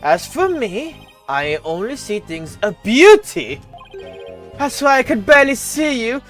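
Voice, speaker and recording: A streamer voicing a vain, flamboyant, beauty-obsessed man in a game read-through, with a haughty, drawn-out theatrical delivery. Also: medium pitch, big pitch swings, a bit bright, faint music behind. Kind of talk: game dialogue read aloud.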